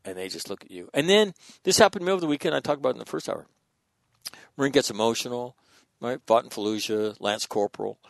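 A man's voice: medium pitch, fast talker, vocal fry, no echo. Guy hosting a podcast, swears a lot, tells stories all worked up, dry close mic. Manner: profane, animated storytelling with frequent restarts. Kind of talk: casual podcast conversation.

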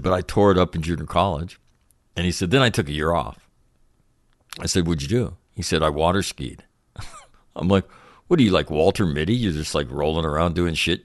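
A man's voice: low-pitched, no room sound, clean studio sound. A man in his sixties, a podcast host, casually telling a loose, profane story and acting out both sides of the conversation.

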